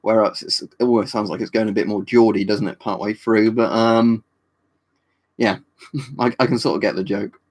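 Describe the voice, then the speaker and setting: A lowish, darkish, steady voice belongs to a British man answering chat on his livestream at a moderate pace. He rambles in a relaxed way, full of fillers and tag questions.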